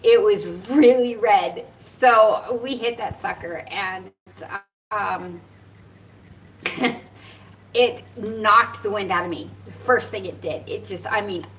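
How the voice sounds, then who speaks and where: A woman's voice: mid-range voice, takes it slowly, a bit bright. Chatty, rambling woman vlogger. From United States. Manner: rambling, chatty, laughs often. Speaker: cannabis vlogger. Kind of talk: casual chat to camera. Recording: from a little distance, faint background noise.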